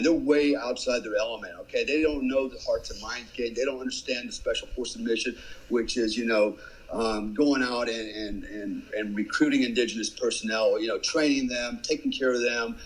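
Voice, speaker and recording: A man's voice: medium pitch, moderate pace, rough recording. A man telling a casual war story as a podcast guest, swearing freely and acting out what others said. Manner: animated storyteller, acts out quotes, swears freely. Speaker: guest, former special forces soldier.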